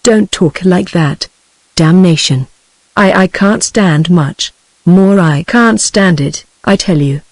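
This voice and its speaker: A woman's voice: on the low side, slow pace, no room sound. A woman reading as a tormented young soldier. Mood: snarling. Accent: British. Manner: flat synthetic reading of a man's lines. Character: troubled young male soldier, bitter and tormented.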